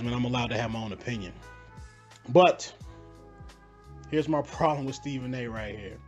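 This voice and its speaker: A man hosting a podcast, pausing clips to react in casual, slangy talk and pressing rhetorical questions again and again. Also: mid-range voice, darkish tone, highs cut off. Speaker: podcast host.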